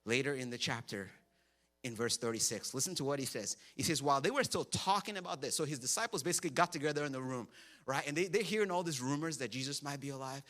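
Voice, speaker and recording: A man preaching a sermon in church, telling stories with humor and lively, animated delivery. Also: medium pitch, fast talker. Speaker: pastor.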